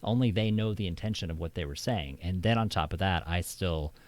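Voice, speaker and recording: A man's voice: low voice, a little fast, darkish tone, no echo. A man hosting a casual stream chat who rambles, restarting his thoughts often. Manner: rambling, heavy with fillers and restarts. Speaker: streamer host.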